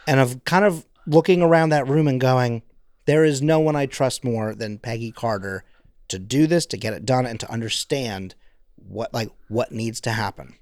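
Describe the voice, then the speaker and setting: A man's voice: medium pitch, moderate pace, a little mellow, no echo, studio quality. A man co-hosting a podcast in casual chat, rambling with many fillers and acting out quotes. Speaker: podcast co-host.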